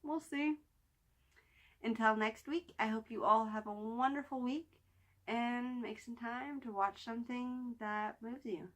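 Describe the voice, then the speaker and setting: A woman's voice: fairly high pitch, fairly even intonation, unhurried, a bit bright. A woman hosting a casual weekly TV review vlog, talking in an enthusiastic, rambling way with restarts and fillers, sometimes dropping almost to a whisper. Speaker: TV review vlogger.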